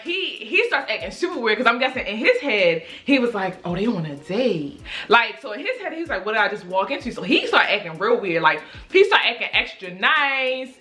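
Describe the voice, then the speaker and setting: A woman in her twenties telling a casual storytime on camera, acting out her friends' lines with lots of "like" and swearing. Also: fairly high pitch. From Baltimore. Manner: animated, acts out quoted friends, frequent "like" and cursing. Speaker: storytime vlogger. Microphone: camera mic.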